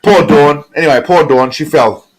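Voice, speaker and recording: A man's voice: a little high, moderate pace, rough recording. An Australian man chatting casually on his live stream, crude and profane as he reacts to viewer comments.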